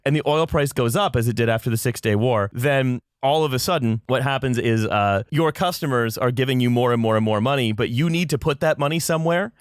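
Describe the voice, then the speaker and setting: A man talking as a guest on a podcast, explaining in quick tangents and correcting himself as he goes. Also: medium pitch, clean tone, no echo, clean studio sound. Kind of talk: casual podcast chat.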